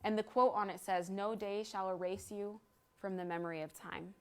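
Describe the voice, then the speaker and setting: A woman's voice: mid-range voice, fairly even intonation, normal speed. A woman in her thirties giving an earnest talk to a live audience, telling a story and guiding them through an exercise. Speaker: speaker at a library event.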